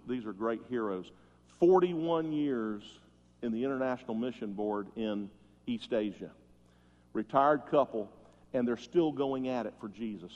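A pastor preaching a sermon, telling stories that swell loud and then drop soft. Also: male voice, mid-range voice. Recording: muffled sound with long hall reverb.

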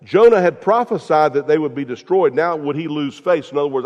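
A folksy male preacher from the United States, talking straight to his listeners with a somewhat high voice. The sermon rings through a large, reverberant hall. The recording has a dull, lo-fi sound. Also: a little fast, darkish tone. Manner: folksy, conversational preaching with asides to the congregation.

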